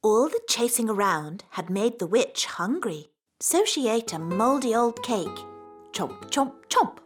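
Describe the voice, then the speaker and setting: A fairy queen mother in a children's cartoon, telling a bedtime-style story and acting out its parts. She speaks slowly with a lively, slightly high voice. Music plays under her. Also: slightly rough, exaggerated voice. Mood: storytelling.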